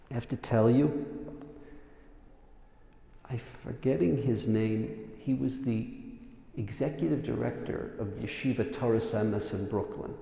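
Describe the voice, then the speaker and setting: A man, a rabbi, giving a sermon as animated storytelling that swings from loud emphasis to hushed tones. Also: mid-range voice, measured pace, gravelly, long pauses. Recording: echoey hall.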